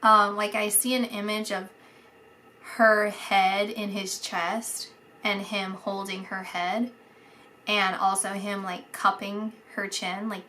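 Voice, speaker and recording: A woman giving a casual psychic reading, halting and searching for words, dropping to a whisper at times. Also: medium pitch, flat delivery, a little hiss or hum. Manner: soft, dreamy, drops to a whisper at times. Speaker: psychic reader.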